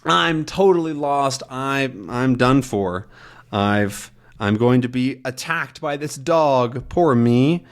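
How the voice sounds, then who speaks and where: A man's voice: medium pitch, expressive, slow. A man voicing a young male reporter hero from a comic, reading his lines dramatically as he panics and pleads. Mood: despairing.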